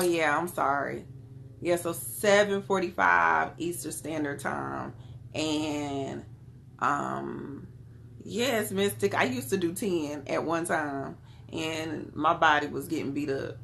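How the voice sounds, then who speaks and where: A woman's voice: sits low, creaky, a little hiss or hum. A woman with a Southern US accent, chatting casually with viewers on a live stream while reading tarot cards, calling them y'all and beloved. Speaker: tarot card reader.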